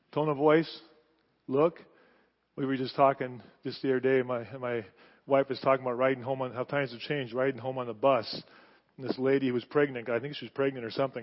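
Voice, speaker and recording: A middle-aged man preaching a sermon, telling the story with animated delivery and rhetorical questions. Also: mid-range voice. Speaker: pastor. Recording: muffled sound, long hall reverb.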